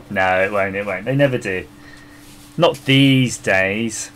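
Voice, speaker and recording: This livestream host, working on a circuit board, keeps the chat casual, laughing often and muttering while he searches. His voice is on the low side with a fairly bright tone, and he takes it slowly, with his microphone some three feet off.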